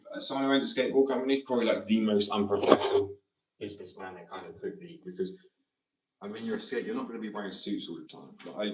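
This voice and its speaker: A man's voice: lowish voice, noisy background. A man with a slight Australian twang, ranting to camera in a profane, combative, rambling monologue. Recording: roomy sound from a distant mic.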